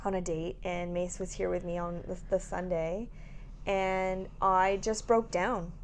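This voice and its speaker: A woman in her thirties shares an exhausting story in casual podcast chat. She laughs through it, swears freely and acts out her own quotes with big pitch jumps. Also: level tone, unhurried, a little hiss or hum.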